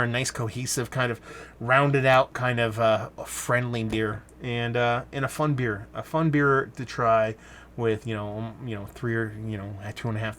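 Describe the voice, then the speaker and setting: A man at a standalone mic gives a loose, rambling beer review. He restarts sentences often and drops in the odd swear word. A faint hiss sits under his mid-pitched voice. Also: a bit bright. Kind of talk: casual review monologue.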